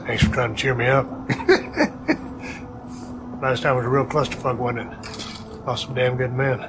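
An actor playing a weary soldier commander who swears bluntly, from a film clip. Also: male voice, medium pitch, steady tone, unhurried, background noise, lightly acted. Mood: rueful. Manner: blunt and profane. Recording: film soundtrack with music under it.

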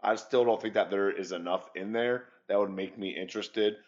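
A man's voice: on the low side, steady tone, moderate pace, highs cut off. A man co-hosting a sports podcast, chatting loosely and casually with occasional swearing. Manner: loose and profane, rambling. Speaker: podcast co-host.

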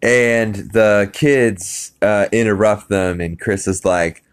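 A man with a low voice recaps a cartoon episode in casual podcast chat. He rambles, stumbling over fillers and acting out the characters' lines as he goes. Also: little pitch movement, takes it slowly, few pauses, smooth. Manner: rambling, many ums and uhs, acts out quotes. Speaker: podcast host.

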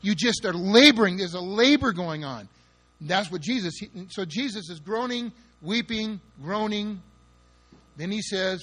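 High-voiced emphatic male preacher. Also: lively intonation, unhurried, a bit bright. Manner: emphatic, dramatic, spells words out and acts out quotes. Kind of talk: sermon.

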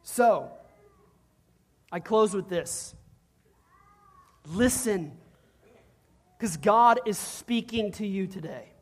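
A pastor preaching a sermon in an animated, humorous storytelling way, acting out little voices along the way. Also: medium pitch, very slow, long pauses.

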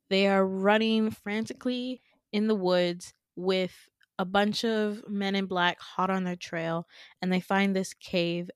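A woman retelling a dream story in a loose, chatty way, full of fillers. Her voice sits at an ordinary pitch and sounds close and dry. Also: clear, resonant tone, no room sound. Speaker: podcast host.

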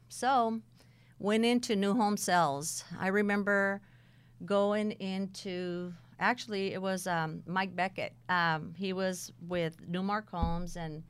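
Animated woman telling a story, smooth voice. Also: on the low side. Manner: animated, blunt, acts out quoted dialogue. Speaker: guest telling her career story. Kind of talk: casual storytelling.

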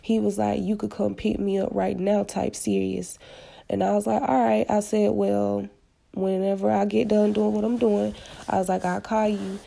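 Gravelly, dark-voiced woman telling a story. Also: mid-range voice, little pitch movement, moderate pace. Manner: candid, profane, slangy retelling. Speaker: podcast storyteller. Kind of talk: casual storytelling.

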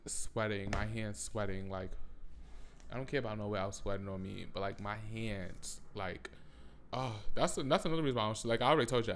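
20s Bronx man, profane and animated, casual rant to camera. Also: lowish voice, a little hiss or hum. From the Bronx, New York. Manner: animated, profane, loud outbursts and laughter. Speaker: vlogger.

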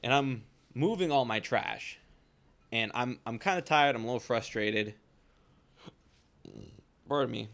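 A young podcast co-host with a mid-range, slightly bright voice speaks at a measured pace with long pauses. In casual chat he tells a long, rambling story packed with "like" and frequent swearing.

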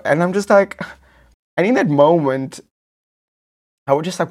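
A man with a South African English accent, a podcast host telling a personal story in a camp, animated, casual way, repeating phrases for effect. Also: a little high, measured pace, long pauses.

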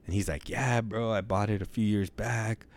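A man's voice: lowish voice, steady tone. Profane slangy man telling a joke. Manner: profane, drawn-out slangy delivery. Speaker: joke teller. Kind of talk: casual storytelling of a crude joke.

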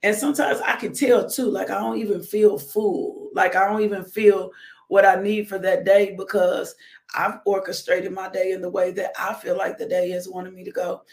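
Exuberant woman preaching with a gravelly edge. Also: medium pitch, little pitch movement, normal speed, darkish tone, reverberant. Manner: exuberant, breaks into whoops and laughter; conversational preaching, addresses viewers directly. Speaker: devotional host. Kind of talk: live-streamed morning devotional.

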